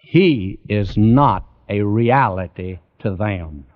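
A man preaching a sermon in a slow, emphatic cadence that rises and falls, directly addressing his listeners. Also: on the low side. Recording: dull lo-fi recording.

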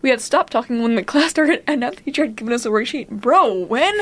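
A woman reading fan fiction aloud in a casual chat, breaking off for quick giggly asides. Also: on the high side, expressive, a bit bright.

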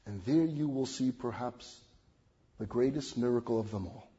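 A man delivering a sermon in a warm, slightly husky voice. He tells his stories dramatically, swelling to emphatic peaks before sinking low again. The recording sounds a little muffled. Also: moderate pace. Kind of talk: sermon storytelling.

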